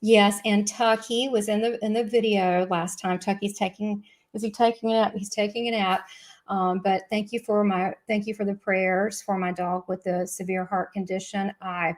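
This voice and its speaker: A woman's voice: medium pitch, little pitch movement, moderate pace. Chatty Southern-accented woman hosting live. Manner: chatty, gushing, rambling with many asides. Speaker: host of a live spiritual show. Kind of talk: casual live-stream chat.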